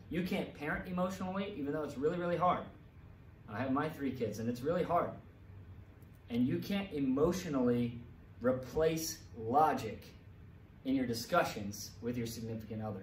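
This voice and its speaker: A middle-aged man giving an earnest, emphatic talk with slides, repeating key phrases for weight. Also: fairly high pitch. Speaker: presenter. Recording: roomy echo, mic at a distance, faint background hum.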